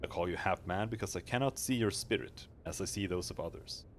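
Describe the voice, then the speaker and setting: A man's voice: sits low, a little fast, slight background noise, lightly acted. A man voicing an aloof mystic woman in a fantasy game who can reshape souls, speaking in a grave, archaic, condescending way. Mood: solemn.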